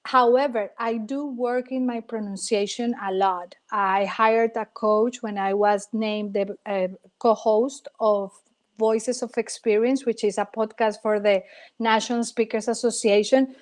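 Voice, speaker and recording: A woman with a Latin American Spanish accent, a native Spanish speaker, speaks with a somewhat high voice. She answers interview questions in an emphatic, earnest way and repeats key phrases for weight. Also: fairly even intonation, measured pace. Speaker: guest. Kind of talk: casual interview.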